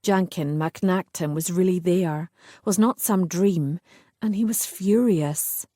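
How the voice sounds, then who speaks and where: Narrating a historical romance audiobook from a script, a woman keeps her storytelling measured and steady. Her tone is low and mellow, and the sound is close and dry, with no room or echo around it.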